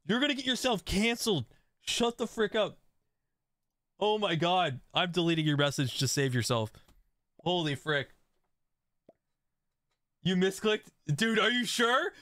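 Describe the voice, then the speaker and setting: Excitable young man streaming, bright and high. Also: a little slow, dry recording, clean studio sound. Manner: excitable, laughing, reacting to chat. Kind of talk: live game stream commentary.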